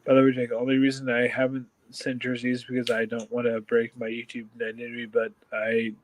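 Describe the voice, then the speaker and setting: A man co-hosting a casual sports talk show, excitable and tripping over his words with lots of restarts. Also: mid-range voice, brisk, slight background noise, rough recording. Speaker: podcast co-host.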